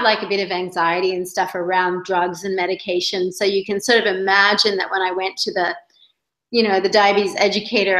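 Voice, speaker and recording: A woman's voice: mid-range voice, fairly bright tone, echoey room, low-quality recording. A middle-aged woman, an interview guest, telling her personal story in a rambling, chatty way full of fillers over a video call. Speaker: interview guest, yoga teacher.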